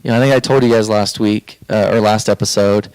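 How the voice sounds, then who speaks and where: A young man recounts a turning point in his life in a casual, heartfelt way. His voice sits low and sounds smooth and clear. He wanders through fillers and restarts, and the sound is dry and close with no room around it. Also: steady tone, fairly quick, a little mellow, dry recording. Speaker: podcast guest sharing his faith story. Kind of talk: casual personal storytelling.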